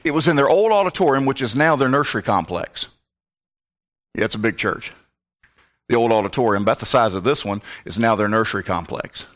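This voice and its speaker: A man's voice: medium pitch, expressive, fairly quick, a bit bright. A male pastor preaching a sermon, telling a personal story with comic asides.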